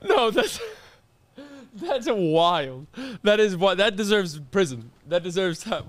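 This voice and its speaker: Animated young man ranting, high voice. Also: takes it slowly. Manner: animated, exasperated storytelling with mock outrage. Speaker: podcast co-host. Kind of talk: casual chat.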